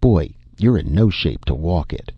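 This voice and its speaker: A man doing a drawling, gruff farmer. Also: deep voice, sing-song, unhurried, no room sound, muffled recording, full character voice. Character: burly blunt middle-aged male farmer.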